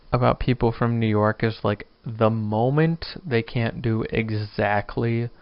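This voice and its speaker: Here a man in his twenties, drunk, hosts his own podcast, wandering from thought to thought and making self-deprecating jokes. His voice is medium-pitched, creaky, clear and resonant. There's no echo, though the recording sounds muffled.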